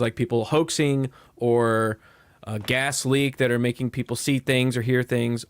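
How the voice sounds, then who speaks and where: A man's voice: medium pitch, clear, resonant tone, dry recording. A man co-hosting a live stream, joking and musing in a reasoned way. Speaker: podcast co-host. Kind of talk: casual live-stream chat.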